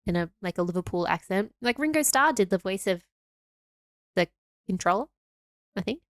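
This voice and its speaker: A woman co-hosting a podcast in casual chat, giggly and playful, with quick reactions and interjections. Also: medium pitch, animated, no echo, studio quality. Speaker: podcast co-host.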